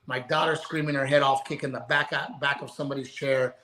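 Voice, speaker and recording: A man's voice: medium pitch, level tone, brisk, sharp tone, low-quality recording. A man, a comedian guest, telling family stories in casual podcast chat and acting out the dialogue.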